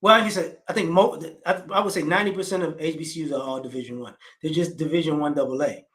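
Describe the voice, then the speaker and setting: A man's voice: fairly high pitch, steady tone, fast talker, fairly bright tone. A man in his forties talking casually, rambling with frequent restarts and fillers. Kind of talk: casual conversational commentary.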